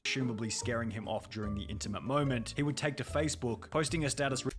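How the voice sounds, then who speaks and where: A man's voice: medium pitch, fairly even intonation, fast. A man narrating a scripted commentary documentary with a wry, judgmental tone.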